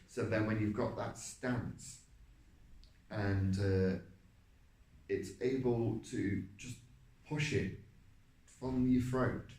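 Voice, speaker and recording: A man, an actor, reflecting on his vocal technique, halting and searching for words. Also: lowish voice, fairly even intonation, a little mellow. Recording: roomy, distant mic.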